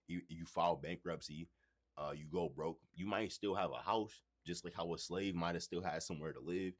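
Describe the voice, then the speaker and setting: A man hosting a casual livestream, talking loosely and with profanity straight to his chat. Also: low voice. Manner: loose, profane, conversational, addresses chat directly. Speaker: livestream host.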